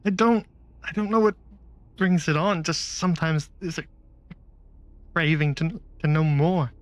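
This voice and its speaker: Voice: mid-range voice, steady tone, no echo, pitched above the performer's own voice, close to an everyday voice. A game master voicing a timid, bewildered male creature with a flashing eye, who stammers and halts in a tabletop game. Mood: hesitant. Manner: stammering, halting and unsure.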